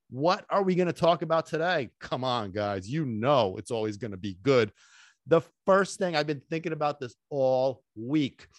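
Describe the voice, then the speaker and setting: An excitable, emphatic man hosts his own dog-training podcast, mixing in Sicilian phrases and the odd curse word. His voice sits at a middle pitch and sounds close and dry, with no room echo. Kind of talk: energetic solo podcast talk.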